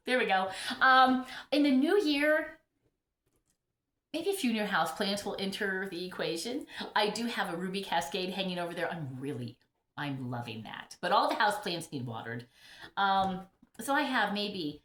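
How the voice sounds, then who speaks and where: Chatty rambling woman with a lively voice. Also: mid-range voice, moderate pace, echoey room, slight background noise. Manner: rambling, chatty, laughs often. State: recovering from illness. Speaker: houseplant vlogger. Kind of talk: casual chat. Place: home full of plants.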